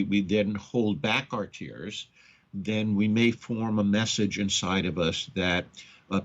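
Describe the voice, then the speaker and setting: Deep, breathy-voiced male radio counselor, halting and repetitive, dull lo-fi sound. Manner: halting, repeats words, acts out quoted parents. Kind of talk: radio talk on addiction and trauma.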